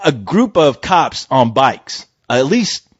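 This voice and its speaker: Animated man telling a story, lo-fi. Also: mid-range voice, slow, breathy edge, no echo. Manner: animated, swearing, jumps into loud shouted impressions of people. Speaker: podcast co-host. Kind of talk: casual storytelling chat. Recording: dry, dull lo-fi audio.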